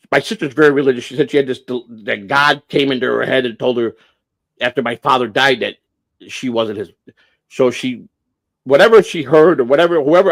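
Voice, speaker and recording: A man around sixty telling a family story on a livestream, blunt and profane, repeating and restarting as he goes. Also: mid-range voice. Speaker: livestream host.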